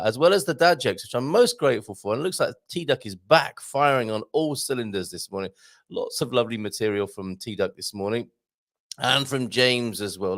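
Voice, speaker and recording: Playful jokey male show host, gravelly. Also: mid-range voice. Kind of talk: casual live-stream chat.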